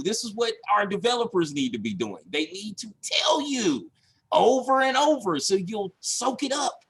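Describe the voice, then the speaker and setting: A man coaching his viewers in a casual livestream, emphatic and repetitive, acting out his own panic with shouts and laughs. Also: high voice, sing-song, moderate pace, breathy edge. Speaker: online business coach.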